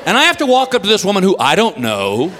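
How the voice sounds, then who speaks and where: A middle-aged man doing a stand-up comedy routine on stage, animated and shouting exasperated punchlines. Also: sits high, racing, big-room sound, background noise. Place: comedy club stage with audience. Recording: live club recording with crowd laughter.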